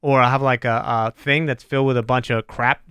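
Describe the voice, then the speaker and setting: Bright-voiced man rambling jokily. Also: medium pitch, a little fast, smooth, no echo, studio quality. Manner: rambling, animated, jokey tangents. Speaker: podcast host. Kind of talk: casual comedic chat.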